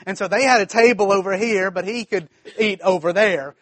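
A man's voice: high-pitched, normal speed, a bit bright, dry recording. A man, a pastor, preaching a sermon in a conversational way, with asides to the congregation and frequent restarts.

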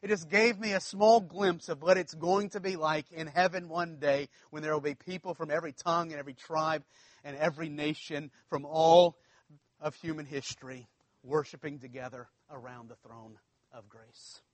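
A man's voice: fairly high pitch, steady tone, moderate pace, no room sound. A man from South Louisiana with a local accent, preaching a sermon as pastor in a conversational, storytelling way with folksy asides.

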